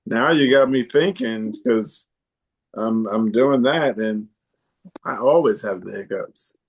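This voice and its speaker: Man, podcast host, low-ish voice, hesitant and thinking out loud. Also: takes it slowly, husky. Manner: thinks aloud with hesitant ums and repeats. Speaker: podcast host reading listener comments. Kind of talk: casual chat.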